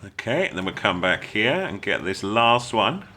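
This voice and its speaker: A man's voice: lowish voice, big pitch swings, moderate pace, bright, forceful tone, slight background noise. An English man with a chatty, jokey manner, talking viewers through a video game as a tutorial host. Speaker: gaming channel host. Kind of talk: gameplay tutorial commentary.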